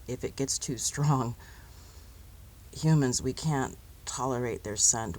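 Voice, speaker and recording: An actress playing a weary captive woman held by aliens, narrating her own story in the first person with a measured, often quiet and inward delivery. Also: a bass voice. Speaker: narrator and lead character. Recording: steady background ambience noise.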